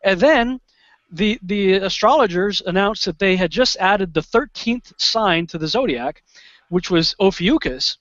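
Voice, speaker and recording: A man guest in an interview, telling a story in an animated, excitable way, often restarting and acting out what he said in the moment. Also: high voice, measured pace, no echo. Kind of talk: conversational storytelling. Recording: dull lo-fi sound.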